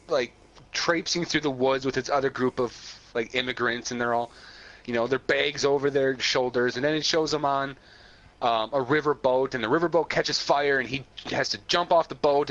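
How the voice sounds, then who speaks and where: A man's voice: medium pitch, a bit bright. A man co-hosting a pop-culture podcast, retelling a story in casual chat with lots of laughs, swearing and stammered restarts. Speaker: podcast co-host. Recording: dull lo-fi sound.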